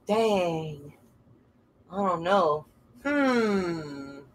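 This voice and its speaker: A woman's voice: medium pitch, unhurried, a bit bright, a little hiss or hum, low-quality recording. A woman calling a live online coin auction, chatting and laughing between bids. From American South. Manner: chatty, laughs often, sings made-up bits.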